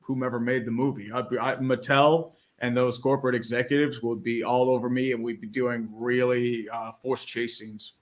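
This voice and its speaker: A man co-hosting a casual sports panel chat over a video call, deadpan and wry. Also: medium pitch, moderate pace, few pauses, slight background noise. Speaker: co-host.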